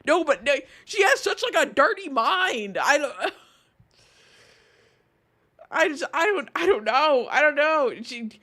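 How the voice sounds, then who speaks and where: A woman's voice: high voice, sing-song, unhurried, long pauses, sharp tone. A young woman streaming, reacting to a video in a casual, incredulous way, laughing and swearing often.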